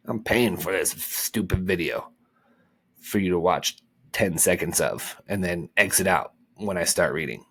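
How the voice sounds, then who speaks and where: Slightly rough, low, and unhurried, this voice belongs to a book reader and channel host. With a chapter finished, he settles into a casual, rambling chat, full of jokes and self-mockery.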